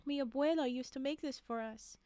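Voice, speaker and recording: A woman voicing a gentle, tearful middle-aged mother in a read-aloud holiday story, speaking softly and from the heart. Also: high-pitched, a little fast, no echo, natural voice. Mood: tender.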